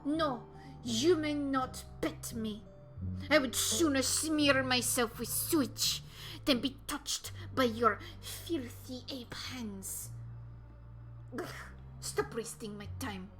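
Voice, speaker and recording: A woman's voice: high-pitched, slow pace, a bit bright, soft background music. Woman putting on a snooty French cat. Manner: snooty, disdainful. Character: haughty French-speaking female tuxedo cat.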